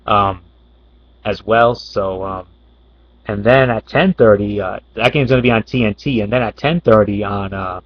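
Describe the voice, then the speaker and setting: Guy rambling about the sports schedule, lots of uh and um, lowish flat voice, dull dry recording. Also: moderate pace, dry recording. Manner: unscripted, many fillers and restarts. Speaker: sports commentator. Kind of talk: casual talk.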